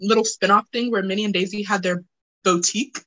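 A young adult woman co-hosting a podcast, chatting casually in an excitable, giggly way. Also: mid-range voice, poor audio. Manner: excitable, giggly, quick to laugh. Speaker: podcast co-host. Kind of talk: casual chat.

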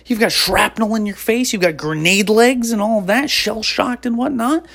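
A woman's voice: fairly high pitch, moderate pace, gravelly, fairly bright tone. Profane rambling woman podcaster. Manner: rambling, profane, sarcastic ranting. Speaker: podcast host; former stand-up comic. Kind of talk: casual podcast monologue.

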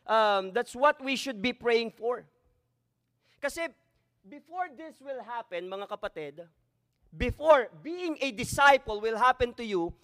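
A man's voice: very high-pitched, a bit bright. A man preaching a sermon as pastor, slipping Tagalog phrases into his English. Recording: echoey hall.

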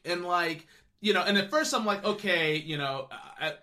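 A man co-hosting a podcast, chatting casually about movies in an animated, rambling way full of fillers and restarts. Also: sits high, moderate pace. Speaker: podcast co-host. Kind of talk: casual film chat.

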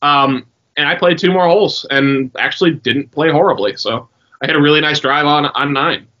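A young man co-hosting a podcast, telling a story in a rambling, swearing, animated way. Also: fairly high pitch, normal speed. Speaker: podcast co-host. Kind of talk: casual chat. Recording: dull lo-fi sound.

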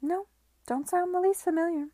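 A woman voicing a shrewd, brash older woman who keeps a brothel, loud and folksy in her speech. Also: very high voice, moderate pace, no echo, pitched above the performer's own voice. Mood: brash, sly.

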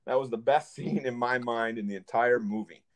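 A man gives a measured, critical take on a movie in a casual podcast chat. His voice sits at an ordinary middle pitch for a man. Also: slight background noise. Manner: measured, plainly critical summaries. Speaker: podcast co-host.

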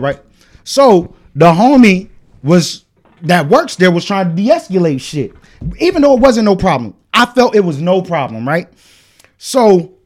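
A man hosting a podcast, telling a story in casual chat, swearing freely and acting out what the other people said. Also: a little high. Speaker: podcast host.

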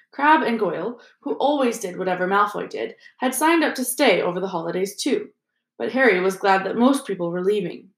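A woman reading a storybook aloud in a steady, even storytelling manner. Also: mid-range voice, brisk, reverberant. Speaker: audiobook reader. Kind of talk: scripted narration.

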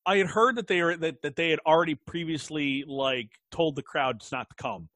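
Male podcast co-host, slightly high voice, hesitant, lots of fillers, dry close sound. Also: moderate pace, fairly bright tone, no room sound. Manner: hesitant, heavy with fillers like uh and you know. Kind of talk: casual podcast chat.

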